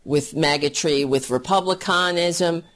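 A woman's voice: low-pitched, a little slow, fairly bright tone. A woman ranting bluntly and profanely as a political commentator in a casual talk.

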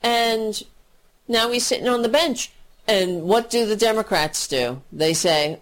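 A woman ranting about politics in a casual, profane, sarcastic way, mocking others in quick put-on voices. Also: fairly high pitch. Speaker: political commentator.

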